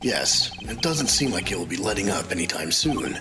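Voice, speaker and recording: A fan voice actor playing a calm, courteous middle-aged male defense attorney, slow and formal, with music behind. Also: low-pitched, voice pushed down. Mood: composed.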